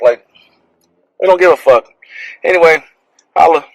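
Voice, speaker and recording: A man's voice: sits high, normal speed, pauses often, low-quality recording. A man co-hosting a casual comedy podcast, ranting with lots of profanity and mocking impressions. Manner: profane, animated, mocking voices. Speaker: podcast co-host.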